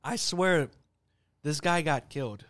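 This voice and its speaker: A man's voice: fairly high pitch, slow, fairly bright tone, no room sound. A man co-hosting a podcast in casual chat, insistent and teasing. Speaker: podcast co-host.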